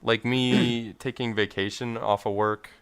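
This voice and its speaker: A man's voice: medium pitch, flat delivery, measured pace, a bit bright, clean tone. A young man co-hosting a casual podcast, talking in a hesitant, rambling, self-deprecating way. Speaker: podcast co-host.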